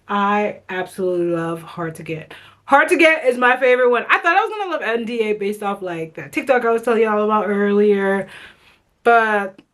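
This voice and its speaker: A woman beauty vlogger giving a casual, enthusiastic product review, chatting directly to her viewers. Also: medium pitch.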